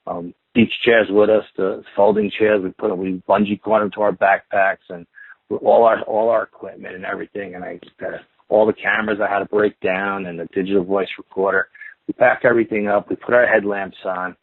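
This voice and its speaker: Husky man telling stories over a phone line. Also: lowish voice, little pitch movement, a little fast, dry recording. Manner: rambling, repetitive build-up with stacked "and then you hear" phrases. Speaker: interview guest telling Bigfoot encounter stories. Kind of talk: casual storytelling.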